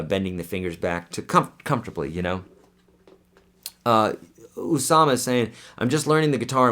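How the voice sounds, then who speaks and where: A man hosting a casual live Q&A as a guitar teacher, chatty and friendly, with lots of fillers and restarts. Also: fairly low pitch.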